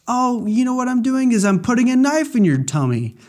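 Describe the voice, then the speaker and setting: A man putting on a high, mocking killer's voice. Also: sing-song, fairly quick, darkish tone. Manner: silly, exaggerated cartoonish delivery. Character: gleeful male sailor killer, high-pitched and mocking.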